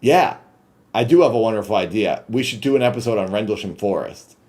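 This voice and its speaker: A man's voice: lowish voice, brisk, darkish tone. A young man co-hosting a casual livestream chat, joking and rambling. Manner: joking, rambling, self-mocking. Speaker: podcast co-host.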